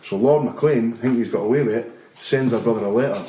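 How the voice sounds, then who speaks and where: A man's voice: mid-range voice, quick pace. A Scottish man hosting a podcast, chatting casually and telling stories with lots of swearing. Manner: swears freely, lively storyteller. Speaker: podcast host. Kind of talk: casual chat. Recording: roomy room echo.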